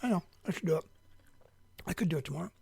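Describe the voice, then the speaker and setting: A man co-hosting a casual podcast with a gravelly, husky voice, teasing his partner and snacking as he talks. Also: a little high, racing, no echo. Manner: teasing, lively, munching snacks while talking. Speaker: podcast co-host. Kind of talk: casual chat.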